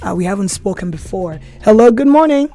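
A man's voice: high-pitched, expressive, fairly quick, mellow. A man hosting a breakfast radio word game, upbeat and teasing with callers. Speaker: radio host.

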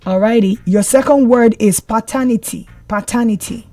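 Upbeat radio host. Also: male voice, very high-pitched, moderate pace, warm tone, no room sound. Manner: upbeat, teasing with callers. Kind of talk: breakfast radio word game.

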